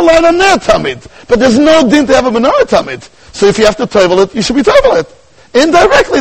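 A man's voice: extremely high pitch, poor audio. A man teaching a Talmud class, speaking in a sing-song study rhythm and mixing Yiddish and Hebrew terms into his English. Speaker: Torah teacher. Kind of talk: Talmudic lecture.

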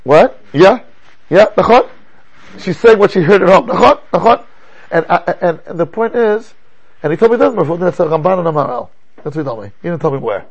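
Older man lecturing a class, high gravelly voice, husky, dull lo-fi recording. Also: fairly quick. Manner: animated, with rhetorical questions and asides. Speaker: rabbi teaching a text class.

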